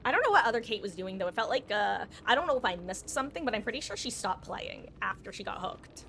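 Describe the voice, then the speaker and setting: A woman on a live gaming stream talks to her chat in a loose, rambling way, laughing often and backing up to fix her own words. Her voice sounds bright and a little sharp, pitched in an ordinary middle range. A faint hum of noise sits behind her. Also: big pitch swings, quick pace, vocal fry. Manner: rambling, chatty, often laughing and self-correcting.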